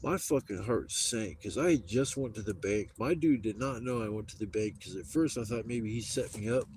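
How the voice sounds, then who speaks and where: A man's voice: on the low side, normal speed, darkish tone, a little hiss or hum. A man on a live stream telling a story in casual talk, rambling and swearing a lot.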